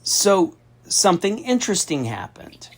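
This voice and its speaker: A man's voice: high-pitched, very animated, unhurried, breathy edge. Profane, emphatic middle-aged man telling a story. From Austin, Texas. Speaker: federal contracting consultant. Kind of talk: storytelling in a phone conversation.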